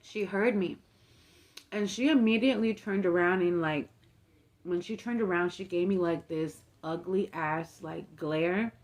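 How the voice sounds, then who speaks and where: A woman's voice: on the low side, a little slow. A young woman in a casual mukbang storytime, chatty and full of fillers, acting out the people she quotes. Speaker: mukbang vlogger. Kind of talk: casual storytime while eating.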